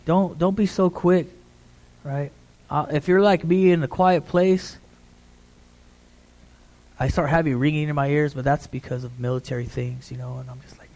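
Middle-aged guy preaching, chatty, keeps saying right?, voice sits a bit high. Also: steady tone, moderate pace, pauses often, darkish tone. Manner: conversational, repeats "right?" to the congregation. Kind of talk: sermon.

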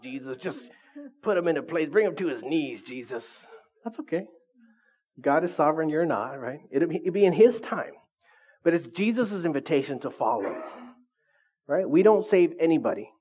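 A man's voice: mid-range voice, darkish tone, dull audio. Conversational male pastor preaching. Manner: conversational, asks the congregation questions often. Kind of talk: sermon. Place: church.

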